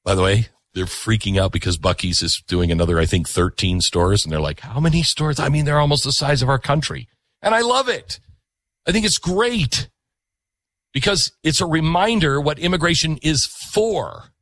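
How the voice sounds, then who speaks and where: A man's voice: mid-range voice, normal speed. A man hosting a talk show, delivering an opinionated monologue with emphatic repetition. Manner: animated, emphatic, repeats himself.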